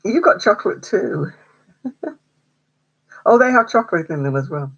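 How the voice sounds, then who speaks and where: A woman's voice: on the low side, sing-song, moderate pace, breathy edge, dull audio. A woman hosting a craft livestream, chatting casually with viewers, answering their comments and laughing often. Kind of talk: casual chat with live viewers.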